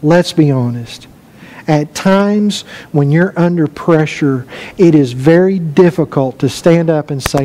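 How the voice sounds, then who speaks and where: A pastor with a high-pitched voice delivers a conversational sermon to his congregation. He moves between personal anecdotes, quoted dialogue and scripture read aloud. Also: unhurried, warm tone, a little hiss or hum, poor audio. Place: church sanctuary.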